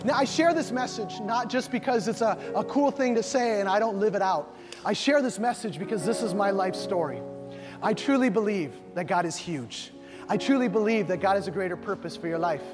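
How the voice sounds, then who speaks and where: A man with a high voice preaches in a church, leading call-and-response with his congregation and acting out little scenes of dialogue. His voice rings through a hall with long reverb, and soft music plays underneath. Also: fairly quick. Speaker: pastor. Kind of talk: sermon. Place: church sanctuary.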